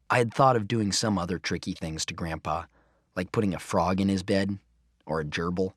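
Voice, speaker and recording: A man reading a children's chapter book aloud in an expressive first-person narration. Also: low voice, moderate pace, no room sound, studio quality. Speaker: audiobook reader.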